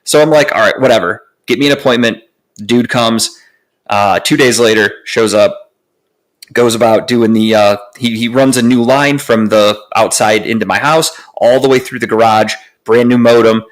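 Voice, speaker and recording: A young man tells a story on his podcast in a loose, animated way. He swears freely and fills gaps with ums and likes. His voice sits at an ordinary middle pitch. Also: moderate pace. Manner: animated, profane ranting with lots of fillers. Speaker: podcast co-host. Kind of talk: casual storytelling chat.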